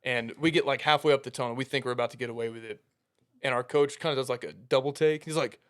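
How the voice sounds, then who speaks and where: A young man casually telling a story as a podcast co-host, animated and laughing through the punchlines as he acts out his coaches' lines. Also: mid-range voice, fast.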